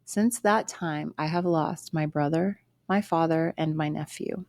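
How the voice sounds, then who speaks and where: Low-voiced woman podcast co-host. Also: a little slow, darkish tone, dry recording. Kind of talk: casual chat, reading a listener story aloud.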